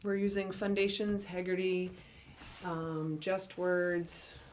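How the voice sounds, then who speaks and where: A woman with a low voice answers questions at a school board meeting, explaining curriculum and training. She speaks in an informative, matter-of-fact way, with faint background noise. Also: little pitch movement, slow, darkish tone. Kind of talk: meeting discussion.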